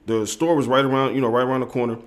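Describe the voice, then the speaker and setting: A man co-hosting a relaxed podcast, speaking at a middle pitch in a laid-back, slangy way. He swears freely and throws in animated impressions of the people in his stories. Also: racing. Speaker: podcast co-host. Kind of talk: casual conversation.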